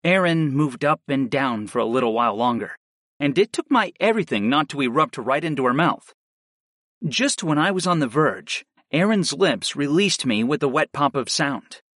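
A man reading a first-person story aloud in a steady, measured narration style. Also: fairly high pitch, no room sound, clean studio sound. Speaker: audiobook narrator.

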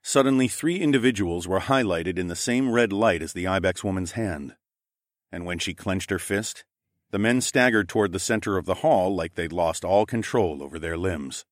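A man reading first-person fiction aloud in an expressive, dramatic manner. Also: deep voice, moderate pace, no echo, studio quality. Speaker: audiobook narrator. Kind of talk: scripted first-person narration.

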